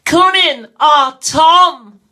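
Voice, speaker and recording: A man's voice: extremely high pitch, bright, forceful tone, full character voice. A man doing a chirpy dating-show hostess. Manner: chirpy, drawn-out introductions. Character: cheery middle-aged female dating-show hostess.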